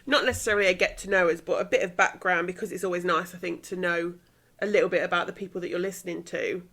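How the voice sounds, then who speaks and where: A woman from Birmingham with an English Midlands accent, co-hosting a casual podcast in a relaxed way. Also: fairly low pitch, fast talker. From Birmingham, England. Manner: relaxed, brief agreeing replies. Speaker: podcast co-host. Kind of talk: casual chat.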